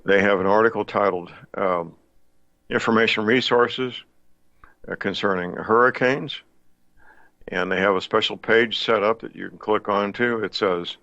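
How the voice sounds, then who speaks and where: A man hosting a radio talk show in a folksy, deliberate way, with frequent pauses and fillers. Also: on the low side, vocal fry, pushed and bright, no echo. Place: home studio in the Missouri Ozarks. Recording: dull lo-fi dry studio sound.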